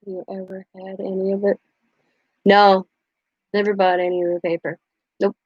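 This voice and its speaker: A woman's voice: medium pitch, flat delivery, moderate pace, no echo, highs cut off. Rambling, laughing woman craft host. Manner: rambling storyteller who laughs often. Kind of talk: casual livestream chat.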